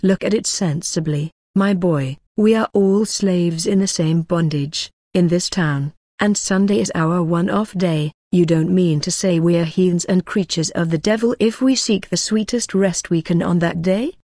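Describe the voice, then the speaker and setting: Chummy middle-aged artist guy talking his friend round, read by a woman in her own low mellow voice, audiobook. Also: unhurried, few pauses, no echo, clean studio sound. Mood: coaxing. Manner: coaxing, chummy. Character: persuasive middle-aged male artist, hearty.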